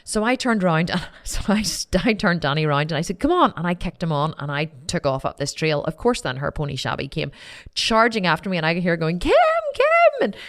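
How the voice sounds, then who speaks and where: A woman hosting a podcast, telling a personal story in a candid, animated way, repeating phrases and swearing casually. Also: sits low, quick pace. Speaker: podcast host.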